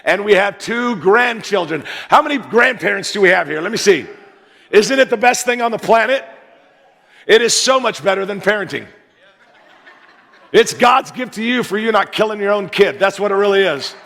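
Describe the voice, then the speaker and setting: An American man in his fifties, a guest pastor telling a joking, animated story in a sermon from a large church sanctuary. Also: high-pitched, normal speed, vocal fry. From United States. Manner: joking, animated storyteller who plays to the crowd. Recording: reverberant church hall.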